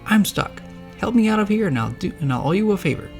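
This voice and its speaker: A man's voice: high voice, animated, fast talker, gravelly, faint music behind, voice pushed up. A man voicing a sarcastic, impatient female bluebird in a narrated storybook, talking in a curt, exasperated way.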